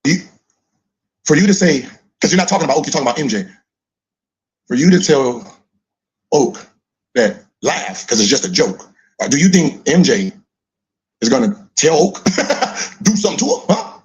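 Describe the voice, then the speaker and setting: A middle-aged man with a high, lively, bouncing voice mocks a play in casual commentary. He laughs a lot and keeps prodding with "huh?". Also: moderate pace, long pauses. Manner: teasing, laughs often, repeats "huh?". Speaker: podcast co-host reacting to clips.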